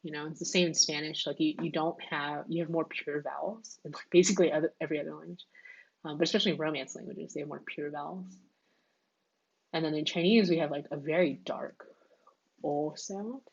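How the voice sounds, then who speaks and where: A woman's voice: sits low, fairly even intonation, fairly quick, gravelly, breathy edge, dull audio. A woman hosting a casual livestream, thinking aloud and chatting with lots of filler words. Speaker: livestream host. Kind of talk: casual livestream chat while coding. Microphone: wireless earbuds.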